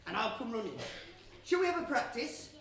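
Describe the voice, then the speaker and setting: A woman playing a silly young man in a stage pantomime, chummy and playful as she gets the audience shouting. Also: on the high side, sing-song, brisk, vocal fry. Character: Bree, a silly, cheese-loving young man. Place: theatre stage. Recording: echoey theatre from far off, noisy.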